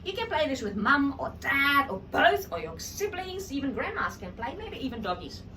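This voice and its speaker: A woman's voice: sits high, very animated, moderate pace, pushed and bright, far from the mic, a little hiss or hum. A woman teaching a children's drama lesson at home, coaxing and encouraging. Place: home room with her child.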